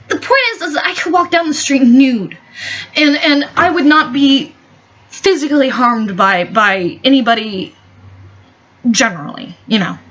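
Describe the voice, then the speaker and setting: A woman's voice: fairly high pitch, fairly bright tone. A woman ranting in a vlog, heated, sarcastic and full of swearing. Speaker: vlogger. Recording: dull lo-fi recording.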